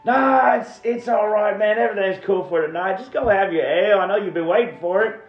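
A sly, jovial shapeshifter sweet-talking his way past the guards, pitched up and bright in tone, as a man voices him. The sound is roomy and dull, with faint music playing underneath. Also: a little fast, natural voice. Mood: coaxing. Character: sly young man shifting into a Viking.

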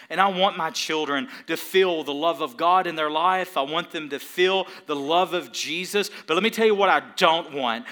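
A middle-aged man preaching a sermon, swinging from hushed questions to shouted climaxes and addressing the congregation with rhetorical questions. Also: fairly high pitch, moderate pace, hardly any pauses.

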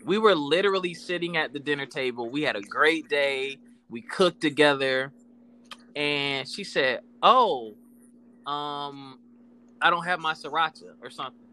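A man's voice: a little high, measured pace, pushed and bright. A man co-hosting a casual talk about relationships, candid and profane, telling stories with laughs.

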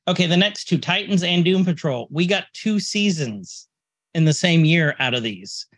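A man hosting a relaxed podcast, his voice sitting a little high for a man. He talks in a chatty, laughing, rambling way. The sound is dry and close, with no room around it. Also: moderate pace, dry recording. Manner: chatty, laughing, lively storytelling. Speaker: podcast host. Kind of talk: casual chat.

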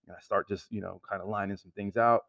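Low, gravelly man, casual storyteller, stumbles and restarts often, dry sound a bit off mic. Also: steady tone, a bit bright, no room sound, far from the mic. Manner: halting, many restarts and "like" fillers. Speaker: manager telling a work story.

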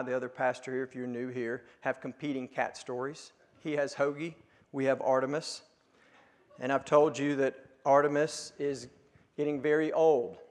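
A male pastor preaching a sermon, earnest and emphatic at peaks, then dropping to a hush. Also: medium pitch. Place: church sanctuary. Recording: long reverb of a church hall.

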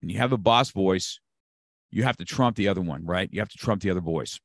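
A low-voiced man of roughly sixty from California, a martial arts instructor, speaks briskly as a guest in clean, echo-free studio sound. He stays emphatic throughout the motivational conversation, driving home key phrases by repeating them.

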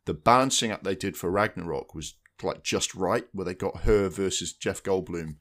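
A man's voice: deep voice, normal speed, a bit bright. A man co-hosting a podcast, chatting casually about new releases and rambling through restarts. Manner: rambling, restarts mid-sentence. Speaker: podcast co-host. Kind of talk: casual film chat.

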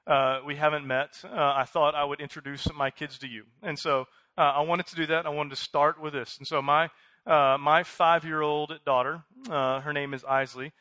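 Male pastor, thirties, bright and punchy, slightly high, casual restart-heavy preaching, dry close mic. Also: moderate pace, dry recording. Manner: conversational, animated, many fillers and restarts. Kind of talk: sermon.

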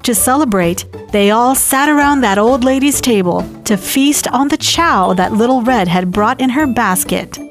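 Woman host, irreverent comic storyteller, raised pitch, faint music bed. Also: animated, moderate pace, few pauses. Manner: irreverent, wry asides. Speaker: podcast host and narrator. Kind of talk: comedic storytelling.

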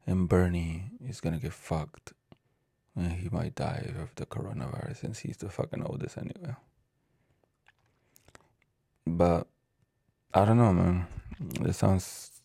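A man talks in a very low, heavily gravelly voice, rambling and cursing as he trips over words he reads out. His tone is dark and husky, and the recording is dry and close. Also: no room sound. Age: adult with a child. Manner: profane, rambling, stumbles over words while reading. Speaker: vlogger. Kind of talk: casual ranting monologue.

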